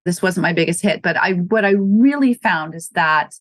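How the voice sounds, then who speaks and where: Her fairly low voice moves at normal speed, recorded with no room sound. She's a guest from Wisconsin, United States, who owns a running shoe store, and in casual interview chat she tells stories, acts out dialogue, and laughs a lot.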